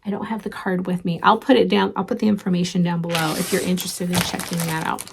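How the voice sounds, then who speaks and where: A woman's voice: fairly low pitch, level tone, fast talker, creaky, a little hiss or hum. A middle-aged woman hosting a casual show-and-tell craft vlog, chatty and rambling, with many ums and restarts. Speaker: flosstube host.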